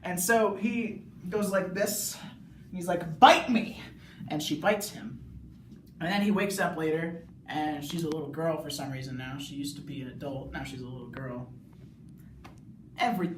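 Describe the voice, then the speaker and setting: A young male student rambling through a casual plot recap, full of "like"s, now and then yelling. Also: fairly high pitch, normal speed, slight background noise. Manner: rambling, many "like"s, bursts of yelling. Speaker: student video reviewer. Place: bathroom. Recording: echoey bathroom, mic far off.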